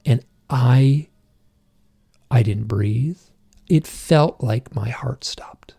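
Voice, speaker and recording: A middle-aged man, a podcast guest, tells a personal story in a halting, intense way, with many restarts. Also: mid-range voice, creaky, mellow, breathy edge.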